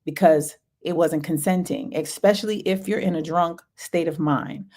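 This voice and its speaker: Woman host, lowish voice, talks slow and earnest, long pauses. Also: warm tone. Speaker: podcast host. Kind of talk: talk show monologue.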